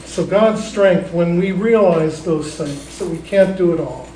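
Pastor guy chatting thru a sermon, mellow slightly high voice, sounds far off in an echoey church. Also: a little slow, few pauses, slight background noise. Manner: conversational storytelling with many restarts.

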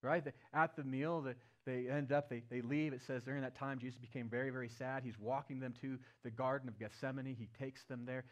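A male pastor preaching a sermon at a church service. He retells a story vividly, moving from loud, raised passages to hushed, low ones. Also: level tone, a little fast, few pauses.

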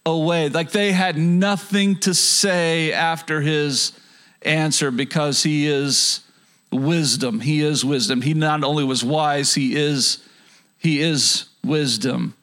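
High-voiced male pastor preaching. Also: a bit bright. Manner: earnest, asks the audience rhetorical questions; frequent stammered restarts. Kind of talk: sermon.

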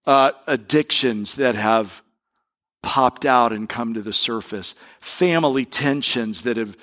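A man's voice: medium pitch, takes it slowly, a bit bright. A pastor preaching a sermon to a congregation in an earnest, conversational way, often restarting his sentences. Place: church service before a live congregation.

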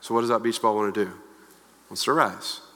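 A pastor delivers a lively, conversational sermon in a bright, forward tone, frequently dropping in playful asides. His fairly low voice moves a little fast, and a long echo from the church hall surrounds it.

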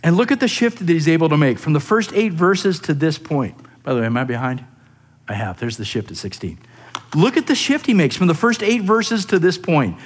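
A man preaching a sermon on a psalm, earnest and rising into animated emphasis, often repeating words as he goes. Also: fairly high pitch. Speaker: pastor.

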